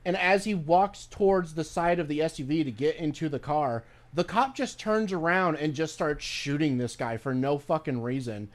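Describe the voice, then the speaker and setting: Rambling, profane man with a higher voice. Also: moderate pace, few pauses. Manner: rambling, profane, restarts mid-sentence. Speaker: streamer. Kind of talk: casual commentary while playing a game.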